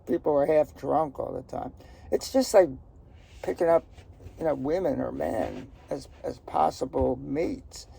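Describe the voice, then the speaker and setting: A man's voice: a little high, gravelly, mellow, slightly rough. An older man telling stories from his life in a rambling, joking, outspoken way, recorded outdoors in a garden. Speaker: storyteller. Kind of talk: casual personal storytelling.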